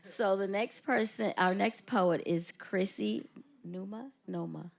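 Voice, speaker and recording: Teacher lady at a school board meeting, rhythmic emphatic poem reading, mid pitch. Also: takes it slowly, vocal fry. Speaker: teacher presenting student poets. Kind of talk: poetry reading and meeting remarks.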